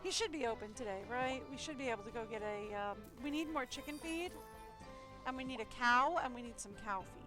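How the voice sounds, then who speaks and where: A woman live-streams a game and muses and rambles aloud as she plays, in casual stream commentary. Her voice is fairly high and a bit quick, with game music faintly in the background.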